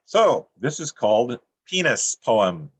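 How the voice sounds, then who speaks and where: A middle-aged man reading his own poems on a video call, with a dry, deadpan delivery and self-mocking jokes. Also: mid-range voice, slow pace, breathy edge, dry recording. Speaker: featured poet. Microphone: computer mic on a video call.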